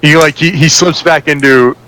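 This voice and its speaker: A man's voice: on the high side, steady tone, normal speed, a crowd in the background, low-quality recording. A man running a tabletop game as game master, joking and breaking off mid-sentence. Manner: joking, laughs, self-interrupting.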